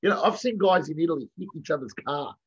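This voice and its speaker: An Australian man, a podcast guest, chatting casually and telling lively stories, acting out dialogue and swearing now and then. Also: a little high, fast, slightly rough. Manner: animated storyteller, acts out quoted dialogue, swears casually. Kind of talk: casual storytelling chat. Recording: dull lo-fi sound.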